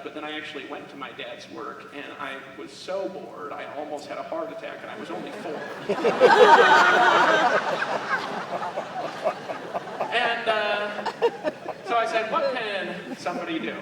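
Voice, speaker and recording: A man's voice: sits high, heavy background noise. A man speaking live on stage to a crowd, telling rambling, joking stories about his life. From Alaska. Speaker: motivational speaker. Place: large event hall. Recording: echoey hall recorded from far off.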